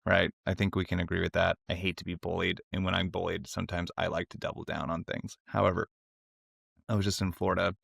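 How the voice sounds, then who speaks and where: A man's voice: quick pace, gravelly, no echo, clean studio sound. A man co-hosting a podcast, telling a story in casual chat, laughing often and acting out others' lines. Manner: animated storyteller, acts out quotes in high voices, laughs often. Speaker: podcast co-host.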